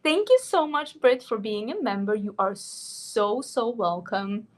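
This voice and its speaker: A woman's voice: mid-range voice, takes it slowly. A young woman from Sweden with a Swedish accent, chatting casually on a livestream and reading out viewer comments. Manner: chatty, laughs often, reads out viewer comments. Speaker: beauty vlogger hosting a livestream.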